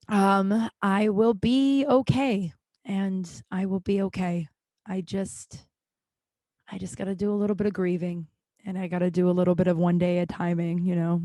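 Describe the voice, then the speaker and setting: Woman podcast host, casual solo chat, rambling, swears a lot, medium pitch, dry recording. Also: gravelly, a little mellow, no room sound. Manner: rambling, profane, self-deprecating; frequent filler words and restarts.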